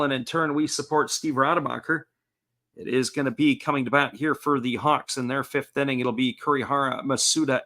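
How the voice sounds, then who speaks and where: A man calls live baseball play-by-play in a folksy, steady manner, reading out chat messages between pitches.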